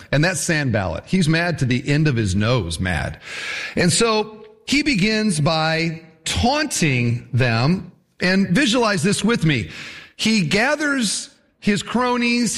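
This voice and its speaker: Lively, animated male preacher. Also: high voice. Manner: animated preaching, acting out mocking voices. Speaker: pastor. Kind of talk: sermon.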